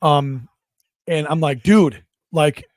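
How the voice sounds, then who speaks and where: Man, middle-aged, podcast co-host, crude rambling anecdotes, slightly high voice, dry close mic. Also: slow pace, dry recording. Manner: profane, rambling storytelling with mocking impressions. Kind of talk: crude comedic podcast banter.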